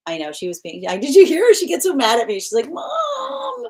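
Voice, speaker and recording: A woman's voice: a little high, very animated, fast, a little mellow. Chatty woman tarot reader on a live stream. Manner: chatty and loose, laughs often, restarts sentences. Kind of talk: casual live-stream chat, reading viewer comments. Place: at home with her pet nearby.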